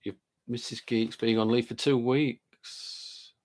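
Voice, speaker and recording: A man's voice: mid-range voice, fairly even intonation, takes it slowly, darkish tone. A man hosting a live stream, chatting casually and greeting viewers by name while reading their comments aloud, with a lingering chest cold.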